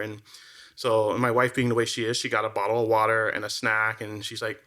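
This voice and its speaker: Bright-voiced man, animated podcast co-host. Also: lowish voice, brisk. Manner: animated storyteller, acts out quoted voices; frequent fillers like "like" and restarts. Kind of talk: casual conversational chat.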